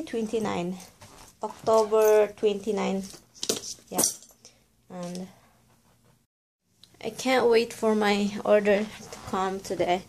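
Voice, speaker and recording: A woman's voice: mid-range voice, a little mellow, slight background noise. A woman from the Philippines, chatting casually in a rambling, self-correcting way as she vlogs at home. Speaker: vlogger. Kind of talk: casual chat. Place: at home, indoors.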